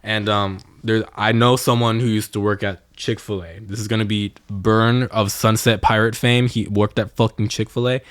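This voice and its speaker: A man's voice: on the low side, little pitch movement, moderate pace, few pauses, a bit bright, no room sound. A young man co-hosting a podcast, telling a story in casual chat, with plenty of swearing and exasperated outbursts. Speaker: podcast co-host.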